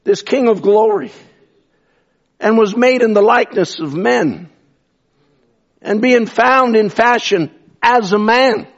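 A man preaching an impassioned sermon, swinging from fervent shouts to hushed asides and repeating phrases for emphasis. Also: high-pitched. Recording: dull lo-fi sound.

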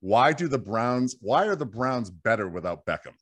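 A man's voice: mid-range voice, big pitch swings, moderate pace, a bit bright. A man hosting a casual sports podcast, reading listener emails with wry banter. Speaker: podcast host.

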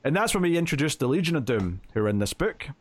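A man's voice: fairly high pitch, very animated, fast talker. A man co-hosting a podcast, casually recapping a comic book plot with lots of fillers and quoted lines. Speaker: podcast co-host.

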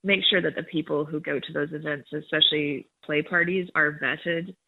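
A woman's voice: low-pitched, steady tone, moderate pace, gravelly. Frank woman guest on a tinny phone line. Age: 30s. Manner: frank, explanatory, upbeat. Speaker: guest, kink educator. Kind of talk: phone interview.

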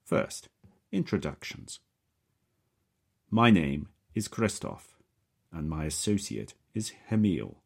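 A tall, coolly polite captor, put on by a deep, husky-voiced male narrator speaks with a strong Slavic accent in an audiobook. Every syllable is clipped and precise, and his courtesy soothes while it threatens. The voice sits low with a breathy edge. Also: very animated, slow, pauses often, exaggerated voice. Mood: courteous menace.

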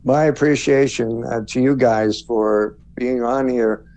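A male guest speaker on a spiritual talk show, speaking in a measured way with many fillers. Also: medium pitch, fairly even intonation, dark tone. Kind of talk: casual interview talk. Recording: dull lo-fi sound.

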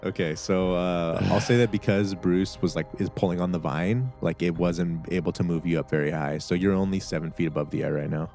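Laid-back deep-voiced game master. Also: male voice, fairly even intonation, a little fast, few pauses, a little mellow, faint music behind. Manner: laid-back, laughs often. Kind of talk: narrating a tabletop game.

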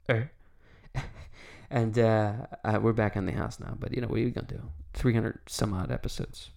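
A man in his forties with a low, gravelly voice, hosting a solo podcast. He tells a personal story in a loose, rambling way, full of "you know" and "like," and he swears freely. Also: fairly even intonation, moderate pace, darkish tone. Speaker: podcast host.

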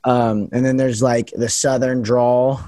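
A young man with a standard American accent explains at length in an earnest, chatty way, his sentences running on with "like" between them. His pitch is ordinary middle range. The recording is close and dry. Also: flat delivery, measured pace, dark tone, no room sound. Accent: General American. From United States. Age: young adult. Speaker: political science student. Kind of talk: casual chat, explaining.

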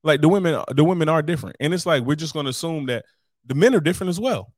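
A young man co-hosting a podcast, swearing freely and telling rambling, animated stories in casual chat. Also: fairly high pitch, very fast, dry recording, studio quality. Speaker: podcast co-host.

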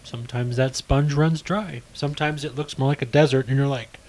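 A man's voice: medium pitch, fairly even intonation, a little fast, a little mellow, rough recording. A middle-aged man co-hosting a casual podcast, telling rambling stories and correcting himself as he goes. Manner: rambling storyteller, self-correcting. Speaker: podcast co-host. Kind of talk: casual chat.

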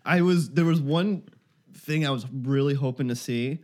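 A man's voice: mid-range voice, moderate pace. Rambling man in casual movie chat. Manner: relaxed, rambling with fillers. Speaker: podcast co-host.

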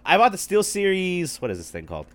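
Casual podcast co-host, male, lively swinging delivery, bright tone, loose and profane, on a headset mic. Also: sits high, quick pace. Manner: loose and profane, laughs often. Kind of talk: casual chat. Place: office. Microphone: wireless headset.

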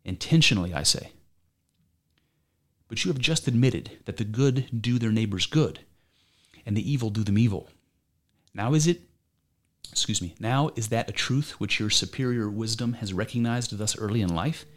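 In an amateur dramatic reading, a man voices an aging philosopher defending himself in court, pressing his accuser with pointed rhetorical questions. His voice is lowish and lightly acted, at a moderate pace with long pauses, and his manner is argumentative and probing.

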